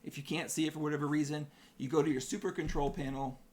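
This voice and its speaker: A man's voice: a little high, steady tone, fast talker. A man hosting a live-stream photography tutorial, chatty, explaining camera settings step by step.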